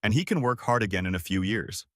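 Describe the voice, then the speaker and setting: A man's voice: fairly low pitch, lively intonation, fast, fairly bright tone, no echo, studio quality. A man voicing a stubborn older grandfather in a read-aloud family story, cold and commanding. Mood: stern.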